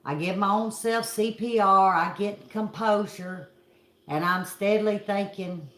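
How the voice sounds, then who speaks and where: A woman's voice: mid-range voice, a little slow, fairly bright tone, reverberant. A middle-aged woman from Kentucky with a Southern accent, telling a story to her viewers in a folksy, dramatic way. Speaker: vlog host.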